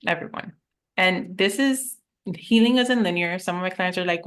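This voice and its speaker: A woman life coach talks candidly in a relaxed podcast conversation. She tells her stories with animation and lets the odd swear word slip. Her voice sits a little low. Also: moderate pace.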